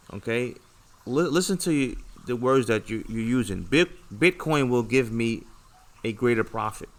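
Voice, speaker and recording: A young man talks from home on a casual livestream, earnest and a little preachy as he lectures his viewers. His voice is bright and forward, and he keeps checking in with them as he goes. The pitch sits in the middle for a man. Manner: earnest, repetitive, lecturing with many "okay" and "all right" checks. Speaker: trading livestream host.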